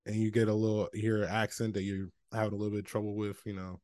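A man's voice: lowish voice, flat delivery, rapid-fire, darkish tone, no room sound. A man co-hosting a podcast in a laid-back, profane, casual chat, full of filler phrases. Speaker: podcast co-host.

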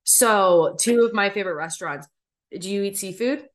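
A woman's voice: medium pitch, normal speed. A woman hosting a podcast interview, casual and blunt, swearing freely. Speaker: podcast host.

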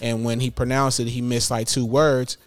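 A man's voice: medium pitch, little pitch movement, normal speed, no echo, soft background music. A man talking casually as a parent, rambling and restarting his sentences often. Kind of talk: casual chat.

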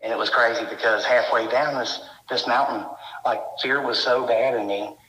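The same rambling, intense guest describes frightening encounters of his own, leaning heavily on "you know" and other fillers. This time his mid-range voice is steady, forceful and bright, at normal speed. Audio quality is poor, with an echoey room.

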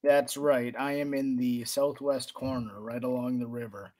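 A man's voice: medium pitch, little pitch movement, normal speed, crowd noise. Wry podcast guest, a man. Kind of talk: casual podcast chat.

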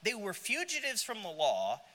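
A man's voice: high-pitched, wildly swooping pitch, moderate pace, sharp tone, big-room sound. A man teaching a Sunday school Bible class, joking aside and asking the class questions as he reads. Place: church classroom.

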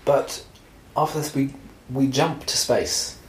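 A man's voice: mid-range voice, fairly even intonation, slow pace, reverberant, slight background noise, low-quality recording. A man co-hosting a casual film podcast, recapping the plot and teasing and correcting his co-host.

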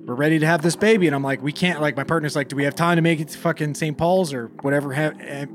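A man's voice: fairly high pitch, fairly even intonation, quick pace, a little hiss or hum. A young man, a paramedic, casually telling a call story, swearing freely and acting out the dialogue.

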